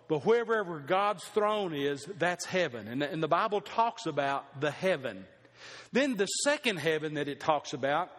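A man's voice: sits high, a bit bright. A middle-aged man preaching a sermon, talking conversationally and putting questions to the congregation. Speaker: pastor. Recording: long reverb of a hall.

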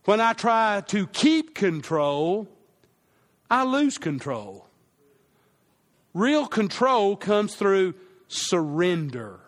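Slow, high-voiced male pastor preaching. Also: big pitch swings. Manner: leads the congregation in repeating phrases; repeats key lines slowly for emphasis. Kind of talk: sermon.

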